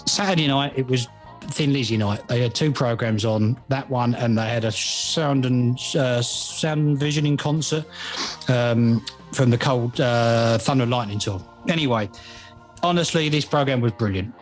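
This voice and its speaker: Relaxed middle-aged man, faint music. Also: mid-range voice, normal speed, poor audio. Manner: relaxed, agreeable, hesitant with fillers. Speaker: podcast co-host. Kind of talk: casual chat.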